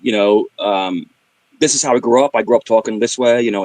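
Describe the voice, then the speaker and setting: A man's voice: lowish voice, brisk, no echo. A middle-aged man telling funny stories in casual chat, full of sound effects and switching between voices. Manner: animated storyteller with vocal sound effects and voice switching. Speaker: livestream guest.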